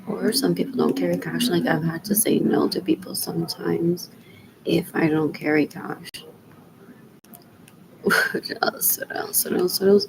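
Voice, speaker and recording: A woman rambling through a solo livestream, mixing English and Spanish, drifting between loud talk and near-whispers and repeating questions to herself. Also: fairly low pitch, creaky, noisy background. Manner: mixes English and Spanish mid-sentence.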